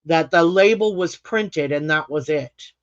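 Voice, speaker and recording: A woman's voice: low-pitched, a little slow, dry recording. A woman hosting a live craft stream, chatting casually, laughing often and rambling through restarts. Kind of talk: casual chat while reading comments. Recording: slightly muffled dry live stream audio.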